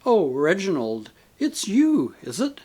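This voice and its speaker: A man's voice: fairly high pitch, wildly swooping pitch, moderate pace, husky, full character voice. A man doing a bitter, possessive woman ghost. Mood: disappointed, fierce. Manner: snappish, demanding, indignant. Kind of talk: audiobook character reading.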